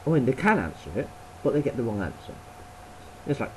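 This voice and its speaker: A man's voice: mid-range voice, very animated, a little fast, a little mellow, slight background noise, poor audio. An English man with an English accent, rambling in a blunt, sweary and sarcastic vlog monologue. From England. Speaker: vlogger.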